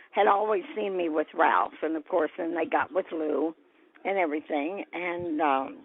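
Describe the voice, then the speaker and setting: A woman's voice: on the low side, gravelly, husky. An older woman being interviewed as a guest, telling a long story and acting out what people said. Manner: lively storyteller who acts out quoted voices. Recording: tinny phone-like sound.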